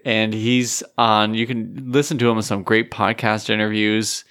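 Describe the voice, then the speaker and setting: Man, from canada, lowish voice, relaxed podcast co-host, laughs easily. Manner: easygoing, quick to laugh. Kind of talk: casual chat.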